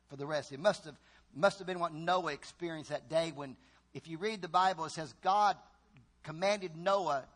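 A high-pitched man preaching a sermon in a church. He drops to slow, quiet lines, then bursts into shouted cries and groans as he acts out the voices of his story. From Virginia. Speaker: pastor.

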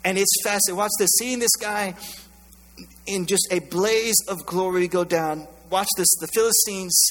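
A man's voice: sits high, moderate pace, a bit bright, big-room sound. A male pastor preaching a sermon in a conversational, joking way, telling the story with animation.

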